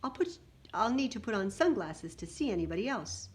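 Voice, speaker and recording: A woman's voice: medium pitch, big pitch swings, a little fast, voice pushed up, close to an everyday voice. A woman reading aloud and voicing a short, stern male dance instructor in a storybook.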